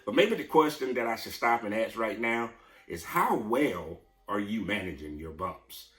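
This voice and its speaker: A man's voice: fairly low pitch, expressive, normal speed, a bit bright, roomy sound, faint music behind. A male pastor preaching a streamed Sunday sermon, building emphatic, rising lines with repetition.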